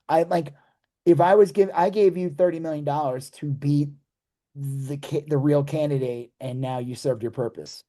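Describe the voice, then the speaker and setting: A man's voice: fairly high pitch, fairly even intonation, normal speed, mellow. Sarcastic rambling male podcast co-host. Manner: sarcastic, rambling with many fillers. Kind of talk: casual political chat.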